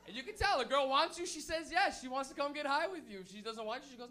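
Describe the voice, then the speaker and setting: A man's voice: very high voice, animated, a little fast, sharp tone. A male stand-up comic from Toronto, working a room with a loose, profane set, laughing as he acts out stoner voices. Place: comedy room with a laughing crowd.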